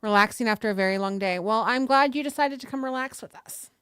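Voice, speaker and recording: Her fairly high, sharp yet smooth voice moves at a quick pace, with clean studio sound and no room noise. She's a woman hosting a casual stream at a table with a desk microphone close by, walking viewers through stretches, swearing offhandedly, and greeting the chat.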